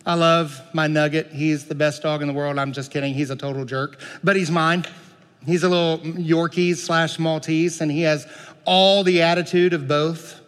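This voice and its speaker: High-voiced man preaching in a reverberant hall. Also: moderate pace, smooth. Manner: animated preaching, shifts between loud pleading and quiet asides. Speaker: pastor. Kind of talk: sermon.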